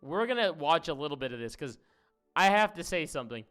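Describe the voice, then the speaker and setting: A man's voice: fairly high pitch, expressive, brisk, a bit bright, smooth. A man doing casual live-stream commentary as he reacts to videos, blunt and incredulous, rambling with fillers.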